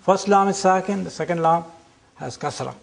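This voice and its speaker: An older man gives a classroom lecture in a high-sitting, creaky voice. He explains slowly and deliberately, drawing out example words.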